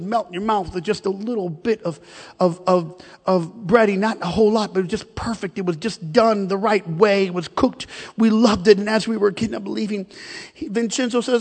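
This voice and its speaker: A man's voice: high-pitched, moderate pace. A man preaching a sermon, emphatic and storytelling, often repeating words as he builds a point. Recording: reverberant hall.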